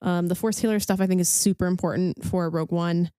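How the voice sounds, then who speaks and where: A woman's voice: lowish voice, fairly even intonation, fast talker, mellow, clear, resonant tone, dry recording, studio quality. A woman co-hosting a podcast in casual chat, bubbly and enthusiastic, with lots of "um" and "like". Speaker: podcast co-host.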